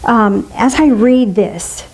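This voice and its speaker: Woman minister, middle-aged, higher voice, warm and playful spiritual talk. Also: takes it slowly, husky, low-quality recording. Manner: warm, playful, musing aloud with asides.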